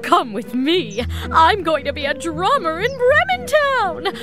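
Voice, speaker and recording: A woman's voice: very high-pitched, sing-song, a little slow, over music, heavily acted. A woman voicing a friendly male donkey who leads a band in a told storybook tale, bouncy and encouraging, dropping into growls on his nicknames.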